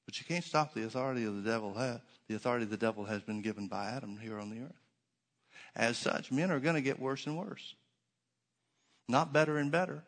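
A man's voice: medium pitch, a little fast, a bit bright. Emphatic male pastor preaching a sermon. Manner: emphatic preaching with rhetorical questions and sarcastic asides.

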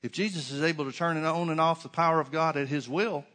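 A man's voice: fairly high pitch, steady tone, fast, fairly bright tone, in a large hall. A man preaching a sermon, driving his points home with repeated phrases and rhetorical questions.

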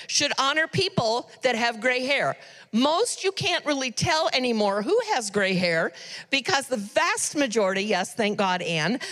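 A woman's voice: a little high, fairly bright tone. A middle-aged woman giving church announcements from the pulpit, chatty and earnest, with frequent ums and asides. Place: church sanctuary. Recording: long reverb of a church hall.

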